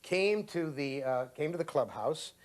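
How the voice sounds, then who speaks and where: A man in his late fifties from Ohio, reading his own story aloud and then giving sardonic commentary in a dramatic, expressive way. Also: on the high side, a little slow, dry recording. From Ohio, USA. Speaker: host and author.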